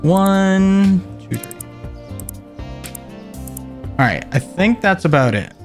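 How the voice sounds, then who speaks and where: A playful man commentating his own gameplay on stream. His pitch swings widely, leaping high when he gets excited, yet he talks at an unhurried, drawn-out pace. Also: soft background music. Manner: playful, jokey, bursts into excited high exclamations.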